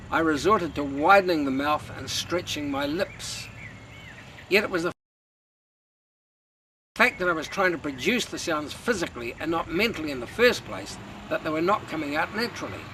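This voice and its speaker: A man giving a calm, measured lesson on singing technique. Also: on the high side, a little hiss or hum, rough recording. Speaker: singing teacher. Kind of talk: instructional talk.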